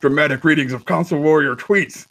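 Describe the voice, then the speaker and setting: A man's voice: a little high, fast, a bit bright. A man co-hosting a podcast, reading tweets aloud in a theatrical, put-on silly accent over a remote call mic. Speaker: podcast co-host. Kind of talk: casual chat, dramatic tweet reading.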